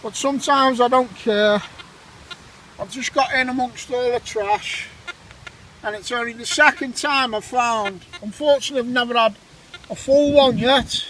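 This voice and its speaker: A man talks his viewers through a day of detecting in a windy field, chatty and keen. His voice is high and bright, with faint wind noise behind it. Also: moderate pace, rough recording. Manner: chatty, enthusiastic, addresses viewers. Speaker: metal detecting vlog host. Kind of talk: casual vlog commentary. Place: windy farm field outdoors.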